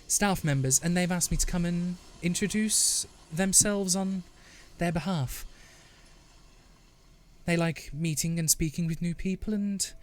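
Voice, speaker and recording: A man's voice: high-pitched, slight background noise. A man voicing a courteous young human woman on the staff of a masquerade party. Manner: courteous, formal.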